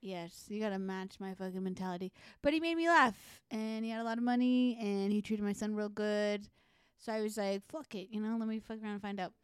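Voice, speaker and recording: A young woman co-hosting a podcast, telling stories in a profane, animated, casual way. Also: mid-range voice, fairly quick, clear, resonant tone, dry recording, clean studio sound. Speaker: podcast co-host. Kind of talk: casual chat.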